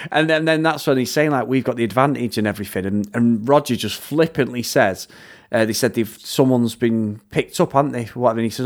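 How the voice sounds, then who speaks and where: A man's voice: medium pitch, brisk. A man co-hosting a film review podcast in casual chat. He retells scenes at length, swears freely and laughs often. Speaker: podcast co-host reviewing films.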